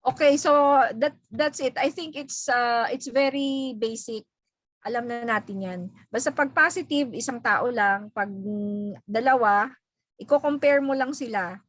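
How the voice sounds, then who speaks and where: A woman teacher with a Filipino accent, explaining grammar to an online class in a patient, halting way full of fillers and repeats. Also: a little high, fairly bright tone, dry recording, rough recording. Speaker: English teacher. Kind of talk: online class lesson, mixing English and Filipino. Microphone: video call.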